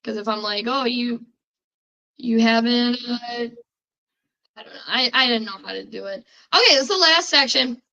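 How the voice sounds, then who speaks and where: A young woman with a Chicago accent hosts a laid-back quiz on a podcast. Her voice sits a little high and sounds sharp and bright. She rambles in a chatty way, full of "uh" and "like" and restarted sentences. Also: fairly quick, creaky, lo-fi sound. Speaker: podcast host running a quiz. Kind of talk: casual chat.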